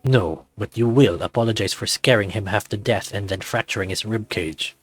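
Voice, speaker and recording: A man voicing a large, caring brown male werewolf who speaks softly and formally. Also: lowish voice, normal speed, natural voice. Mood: scolding. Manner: soft, reassuring, formal.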